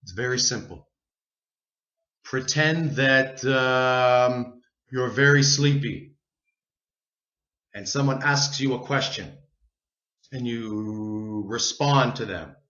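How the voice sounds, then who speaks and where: A man teaching an English pronunciation lesson, slow and deliberate, drawing out sounds for learners to repeat. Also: mid-range voice, pushed and bright, roomy sound, lo-fi sound.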